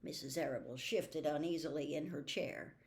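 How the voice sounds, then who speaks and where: A woman reading a children's book aloud in a gentle, expressive way. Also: sits low, moderate pace. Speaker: storybook reader.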